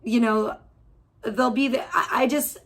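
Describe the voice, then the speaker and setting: A woman with a somewhat high voice rants on her livestream from home. She talks in a heated, profane, rambling way, often breaking off and restarting her sentences. Her swearing is blunt and constant. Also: steady tone, a little slow. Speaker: livestream host. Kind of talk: audio-only livestream rant.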